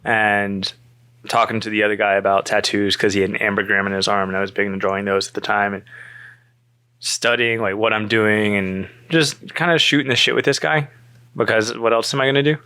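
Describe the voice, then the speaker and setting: A man in his thirties telling a story in casual chat, animated, cursing freely and acting out both sides of the conversation. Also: fairly low pitch, fairly quick, clean tone, dry recording. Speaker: podcast guest.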